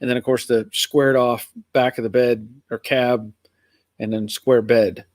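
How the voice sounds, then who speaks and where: A middle-aged American man, his accent sitting between Northern and Southern US, chatting with his live viewers in an easygoing, rambling way. His voice sits at an ordinary male pitch. The sound is close and dry, with no room echo. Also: level tone, unhurried. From Pennsylvania, USA. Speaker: live stream host. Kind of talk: casual live chat reading viewer comments.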